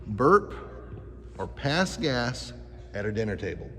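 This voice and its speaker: A man's voice: medium pitch, sing-song, slow pace, fairly bright tone. A man teaching a life skills class to youths, talking with energy and quizzing the kids with questions. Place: school gym. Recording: echoey gym hall.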